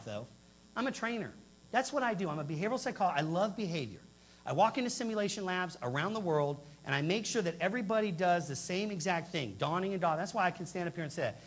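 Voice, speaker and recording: A man with a high voice lectures a convention audience on infection control. He is blunt and emphatic, punching some words loudly and dropping others to a hush. A faint electrical hum runs underneath. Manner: emphatic, blunt, swings between loud and hushed. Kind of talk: lively conference presentation. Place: convention hall.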